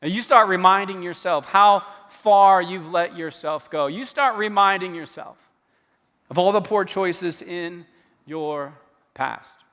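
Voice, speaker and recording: High-voiced pastor in a reverberant hall. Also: male voice, unhurried. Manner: animated storyteller who acts out the quoted dialogue, with stammered restarts. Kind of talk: sermon. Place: church hall.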